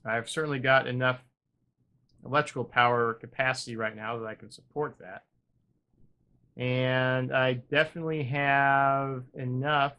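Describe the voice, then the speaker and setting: A man hosting a gaming video, thinking aloud in casual commentary with wry, self-deprecating humor, drifting between upbeat remarks and quiet muttering. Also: medium pitch. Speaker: gaming channel host.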